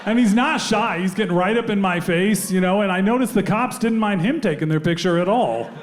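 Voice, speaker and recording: A man's voice: high-pitched, fairly quick. A middle-aged man doing stand-up comedy on stage, telling a story with dry asides and putting on other people's voices. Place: live comedy venue.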